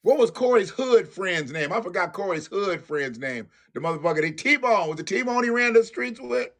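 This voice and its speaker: A man's voice: high-pitched, lively intonation, moderate pace, a bit bright. A man hosting a live-stream commentary show, ranting bluntly and profanely and talking straight to his viewers. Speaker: livestream host.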